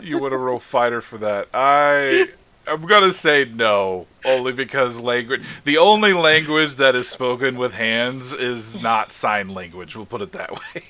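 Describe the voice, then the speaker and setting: Bright-voiced laughing game master man. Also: medium pitch, expressive, measured pace. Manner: laid-back, laughing often, ruling with playful dismissal. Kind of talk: running a tabletop game over voice chat.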